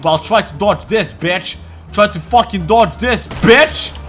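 A young man doing crude, joking commentary over a video game, getting excitable and often yelling. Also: high voice, slow, soft background music. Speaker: gaming commentator.

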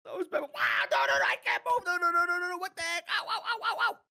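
A woman voicing a panicky, naive young male Minecraft player who whines and yells when attacked. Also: sits high, normal speed. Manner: frantic yelling and whining, frequent shouts. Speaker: Minecraft player character being pranked. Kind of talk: scripted gameplay voice acting.

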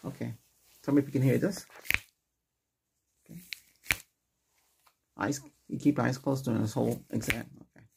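A man in a whispered role-play as a doctor, talking softly and gently and checking in with short questions, close to the microphone. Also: medium pitch, fairly even intonation, moderate pace, vocal fry, long pauses, noisy background.

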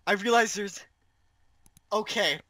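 A man's voice: sits high, slow pace, pushed and bright, dry recording. A male let's-play gamer commenting on his game, flustered and exclaiming often. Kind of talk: gameplay commentary. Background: game music.

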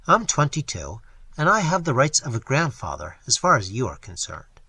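Here is a young artist speaking firmly and kindly to a younger friend, as a male narrator puts him on. His voice is bright and lively in pitch, with a husky touch. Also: moderate pace, dry recording, heavily acted. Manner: firm, friendly, bossy.

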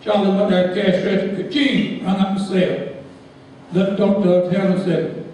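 A man telling a folksy story to a live crowd, animated and laughing as he goes. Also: sits high, moderate pace, a little hiss or hum. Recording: echoey hall from far off.

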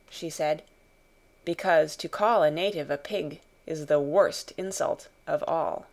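Woman calmly narrating a classic audiobook. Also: sits low, measured pace, creaky. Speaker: audiobook reader.

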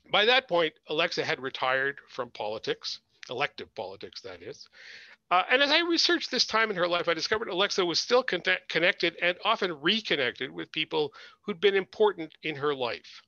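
A man, an author, reading aloud from his book at an online launch in a measured, expressive way. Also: fairly high pitch, no room sound, lo-fi sound.

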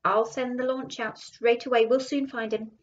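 A woman voicing a hearty male coastguard who calls out loudly and reassuringly, in a dull lo-fi recording. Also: fairly high pitch, fairly even intonation, normal speed, distant mic, close to an everyday voice.

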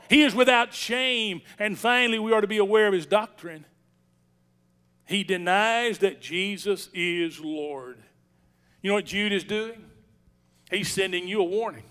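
A pastor delivers his sermon in a strikingly high, smooth and resonant voice. He takes his time, rising to emphatic declarations and dropping to a hushed tone for his stories. His tone is bright and ringing. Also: measured pace. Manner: emphatic preaching, swinging from loud declarations to hushed storytelling. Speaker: senior pastor. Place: church sanctuary.

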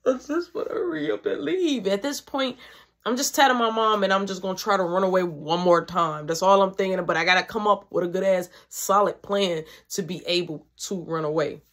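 A young woman telling a story in a casual vlog, animated and profane, acting out what people said. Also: mid-range voice, brisk. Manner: animated, profane, acts out quotes.

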